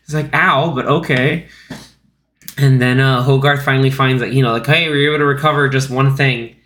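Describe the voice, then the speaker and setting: A man in his thirties hosts a casual podcast chat in a mid-range, slightly bright voice, flat in delivery and quick in pace. He talks loosely with lots of fillers and is chatty, acting out lines from the film in little put-on voices.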